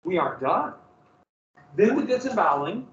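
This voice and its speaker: A man's voice: high-pitched, sing-song, normal speed, a bit bright, a little hiss or hum. A man teaching a history class, telling the story with energy and asking his students questions. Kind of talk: classroom lecture. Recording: roomy, distant, dull classroom recording.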